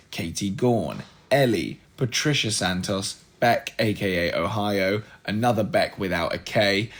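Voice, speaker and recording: A man hosting a casual livestream from a room at home, chatty and scattered, joking at his own expense while he sorts things out. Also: on the low side. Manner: scattered, chatty, self-deprecating, talks while multitasking. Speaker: podcast host on a livestream.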